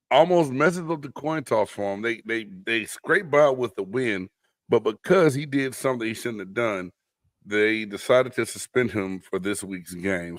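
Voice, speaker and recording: Male sports podcast co-host, mid-pitched, animated storyteller, dry close-mic sound. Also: no room sound. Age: adult. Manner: animated storyteller, acts out quotes loudly. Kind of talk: casual sports chat.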